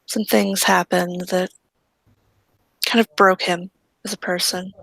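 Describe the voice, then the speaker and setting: A woman's voice: mid-range voice, flat delivery, slow, creaky, a bit bright. A woman speaks earnestly and reassuringly as her character in a tabletop game. Her voice sounds dry and close, with no room echo. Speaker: tabletop player. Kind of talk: in-character role-play chat.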